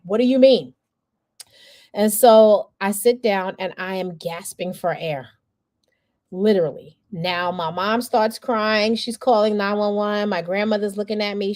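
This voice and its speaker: A woman's voice: medium pitch, darkish tone, no room sound, clean studio sound. A woman in her forties, a communications coach, teaching a masterclass and telling a candid personal story while acting out the people she quotes. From New York area.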